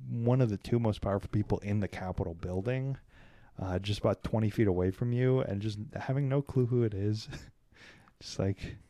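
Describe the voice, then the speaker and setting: A man from Kansas City with a lowish, mellow voice chats on a podcast. His delivery rambles, wry and irreverent. The sound is dry and close. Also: normal speed, no room sound. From Kansas City, USA. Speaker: podcast co-host. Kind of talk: casual podcast chat.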